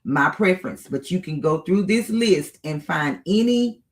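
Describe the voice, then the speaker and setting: A tutorial host walking viewers through software steps one at a time, often checking in with "okay?" or "right?". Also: medium pitch, lively intonation. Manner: unhurried, with occasional filler pauses. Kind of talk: screen-share software tutorial.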